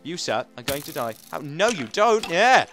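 A young man giving casual let's-play commentary, chatting to his pets and himself and jumping into high-pitched shouts. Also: big pitch swings, normal speed, soft background music. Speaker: gaming channel host.

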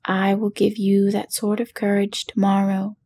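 A woman's voice: medium pitch, monotone, moderate pace, a little mellow, husky. A woman voicing a humbled little man posing as a wizard, in whispered role-play with a meek, apologetic manner.

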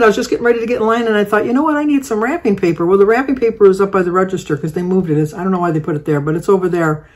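Older woman vlogger, casual rambling storyteller, mid-range pitch, lots of ums and restarts. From Michigan, United States. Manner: rambling, chatty, with many fillers and restarts.

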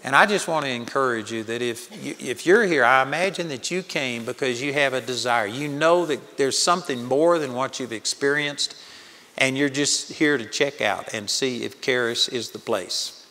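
A man's voice: mid-range voice, normal speed, bright, forceful tone, in a large hall. An older man preaching a sermon at a Bible college, telling stories in an earnest manner. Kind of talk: sermon teaching. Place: large hall with audience.

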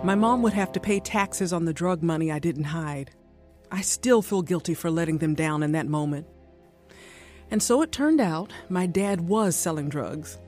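A woman's voice: fairly low pitch, darkish tone, lightly acted. An actress playing a young woman who narrates her troubled teenage years in a radio drama.

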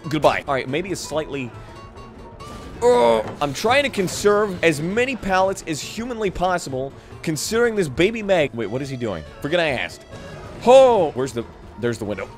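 Man, game commentary, sarcastic, excitable, lively pitch, faint music behind. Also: normal speed. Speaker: gaming channel host.

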